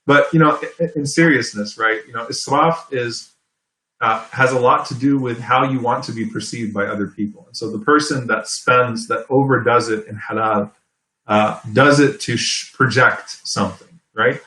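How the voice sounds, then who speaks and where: A man giving an Islamic sermon in a conversational, explanatory way, often checking in with "okay?" and "right?" and reciting Arabic verses quickly. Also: mid-range voice, pushed and bright, reverberant, low-quality recording. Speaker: Islamic preacher. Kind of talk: sermon lecture.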